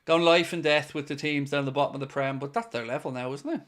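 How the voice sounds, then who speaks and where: A man's voice: fairly high pitch, fast, a bit bright. A man hosting a live football watchalong, mixing play-by-play with joking chat to his viewers. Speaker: host.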